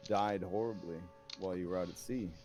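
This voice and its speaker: A woman's voice: rumbling low, fairly even intonation, a little fast, darkish tone, soft background music. A man voicing a creepy, eccentric noblewoman who speaks in a vacant, dreamy way. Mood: airy, doting.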